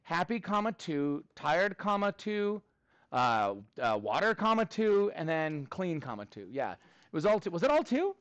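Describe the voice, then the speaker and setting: An upbeat, chatty man teaching math to a class, his voice sitting high and bouncing between jokes and instructions. The sound is dry and close, with almost no room echo. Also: very animated, unhurried, fairly bright tone. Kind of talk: classroom lesson.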